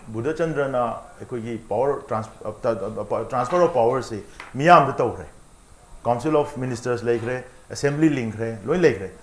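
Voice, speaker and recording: A man speaking as a guest on a TV panel discussion, explaining earnestly with many pauses. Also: medium pitch, roomy sound. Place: TV studio.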